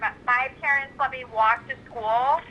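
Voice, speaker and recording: A woman co-hosting a podcast in casual chat, hesitant with many pauses and fillers. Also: high voice, fairly even intonation, highs cut off, a little hiss or hum. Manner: hesitant, many ums, giggly. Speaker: podcast co-host.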